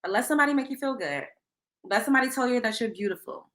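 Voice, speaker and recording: A woman's voice: on the high side, lively intonation, quick pace, fairly bright tone. A young adult woman hosting a talk show, giving blunt, profane advice in a casual monologue and laughing often. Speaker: show host.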